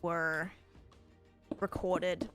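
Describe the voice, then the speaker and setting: A woman's voice: fairly low pitch, level tone, extremely slow, over music. Chatty Australian woman livestreaming. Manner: rambling, chatty, heavy use of "like". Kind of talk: casual chat while gaming live.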